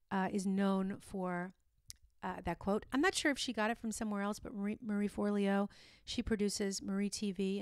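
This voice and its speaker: A woman's voice: mid-range voice, smooth, dry recording, studio quality. A woman hosting her own podcast, talking earnestly and encouragingly, with many restarts and asides. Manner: earnest and encouraging, with frequent restarts and "you know". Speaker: podcast host. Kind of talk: motivational solo podcast talk.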